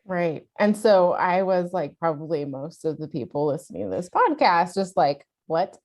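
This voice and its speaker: A middle-aged woman co-hosting a podcast, telling a family story in casual chat, animated and laughing, acting out quoted voices. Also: fairly low pitch, moderate pace. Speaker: podcast co-host, mother.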